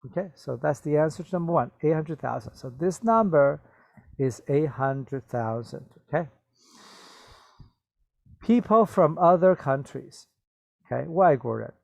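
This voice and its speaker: A male English teacher with a middle-pitched voice talks slowly and patiently. He repeats each word and keeps checking that his students follow with a quick "okay?". He is recorded close to the mic in a dry room with no echo. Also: animated, creaky, darkish tone. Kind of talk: classroom vocabulary lesson.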